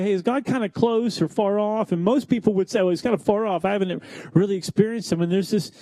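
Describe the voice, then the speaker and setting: Young male pastor, casual sermon delivery with jokes, slightly high, mellow voice, dry close sound. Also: no room sound. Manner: conversational, self-deprecating, acts out quoted voices.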